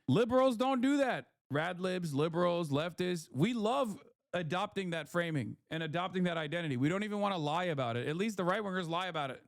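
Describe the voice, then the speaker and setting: A man's voice: sits high, animated, brisk, dry recording, studio quality. A man hosting a livestream, delivering heated, profane political commentary with blunt emphasis. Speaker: livestreamer host.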